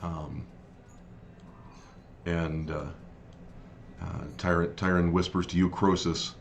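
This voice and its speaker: Deep-voiced man running a tabletop game. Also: level tone, creaky, slight background noise. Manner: halting, many fillers and restarts. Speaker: game master.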